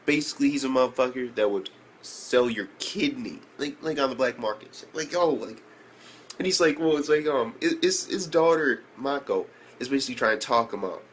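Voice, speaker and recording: A man's voice: moderate pace, slight background noise. Profane rambling male anime reviewer. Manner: profane, rambling, with shrill disbelieving outbursts. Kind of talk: casual recap review.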